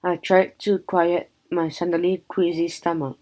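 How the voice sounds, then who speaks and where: A woman reads a children's chapter book aloud, taking her time over every sentence. Her voice sits on the low side. The storytelling stays plain and unhurried. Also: little pitch movement, warm tone, poor audio. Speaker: reader.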